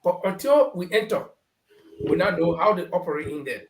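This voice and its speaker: A man's voice: high-pitched, lively intonation, moderate pace, reverberant, crowd noise, low-quality recording. A middle-aged Liberian man on a talk show, telling political anecdotes and acting out the people he quotes. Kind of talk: storytelling political commentary.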